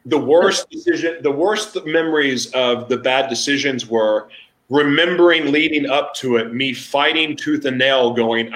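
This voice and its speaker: A man hosting a casual chat, telling candid stories in an animated way. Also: medium pitch, measured pace, roomy sound.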